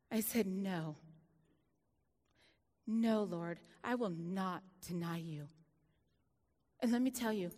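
A woman preaching a sermon, telling a personal story with lively laughter and sudden hushed, dramatic drops. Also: high-pitched, in a large hall.

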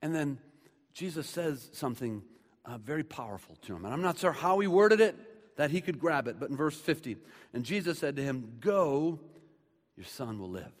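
A man preaching a sermon in a conversational way, moving between loud, emphatic stretches and hushed ones. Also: fairly high pitch, expressive, a little fast, long reverb tail. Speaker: pastor.

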